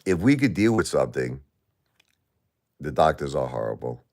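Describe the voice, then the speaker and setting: A middle-aged man live-streaming while grieving, talking to his chat in halting, repetitive, emotional bursts. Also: a bass voice, sing-song, darkish tone.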